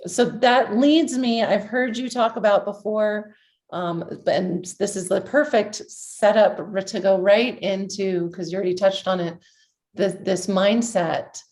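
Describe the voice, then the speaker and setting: A woman's voice: medium pitch, fairly even intonation, a little slow, a little mellow. Affirming woman podcast host. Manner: affirming, leads with questions. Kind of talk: podcast interview.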